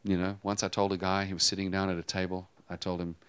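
A man preaching a sermon, telling a personal story with animated swings between loud emphasis and hushed tones. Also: low voice, fast, clear, resonant tone. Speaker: pastor.

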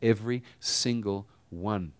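A pastor giving a sermon in a conversational style, asking the congregation rhetorical questions. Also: male voice, on the low side, slow pace, no echo.

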